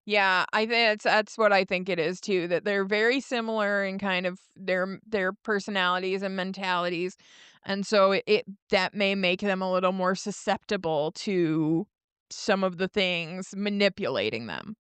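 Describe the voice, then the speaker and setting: A woman co-hosting a podcast, retelling a show's scenes in a lively, laughing way. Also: mid-range voice, normal speed, smooth, no room sound. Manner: animated retelling with laughs and quoted lines. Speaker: podcast co-host. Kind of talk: casual recap chat.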